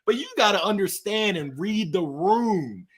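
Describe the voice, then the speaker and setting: A man guest talking in an energetic, preachy, slangy storytelling way in an interview. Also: high voice, measured pace. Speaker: guest, author. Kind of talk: motivational interview talk.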